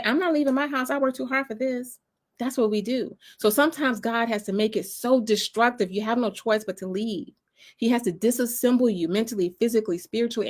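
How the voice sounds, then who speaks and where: A woman from North Carolina with a Southern accent, giving an inspirational faith talk as a motivational speaker, with emphatic repetition and a preaching cadence. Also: a little high.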